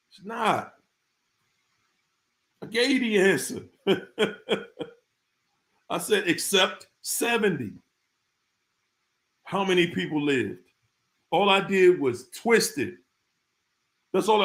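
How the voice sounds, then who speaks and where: A man's voice: high-pitched, big pitch swings, slow, long pauses, fairly bright tone. A man hosting a casual live stream, talking straight to his viewers in informal slang and repeating his points for emphasis. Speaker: live-stream host talking about narcissists.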